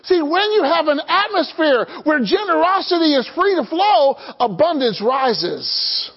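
Very high-voiced preaching man. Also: very animated, measured pace, muffled recording. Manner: call-and-response preaching, asks the congregation to answer. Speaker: pastor. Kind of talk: sermon.

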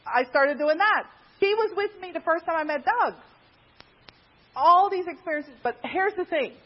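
A woman from Guyana casually telling a personal story in a chatty way, laughing often, on a dull lo-fi recording. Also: moderate pace. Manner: chatty, laughs often, animated pitch jumps.

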